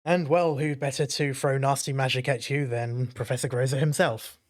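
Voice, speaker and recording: A man's voice: medium pitch, steady tone, normal speed. A man narrating a tabletop game as game master, in a loose, rambling way with many fillers.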